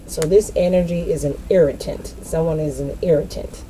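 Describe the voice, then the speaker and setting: Female tarot reader, low dark voice, casual rambling delivery with lots of swearing. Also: steady tone, moderate pace, few pauses, slight background noise. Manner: loose, rambling, swears freely, talks straight to the viewer. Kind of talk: spiritual tarot reading, casual and profane.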